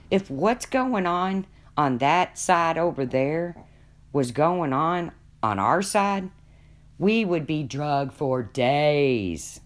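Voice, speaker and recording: A woman's voice: low-pitched, expressive, slow. A woman hosting a casual live stream from home, gossiping with viewers and talking to her pets in between.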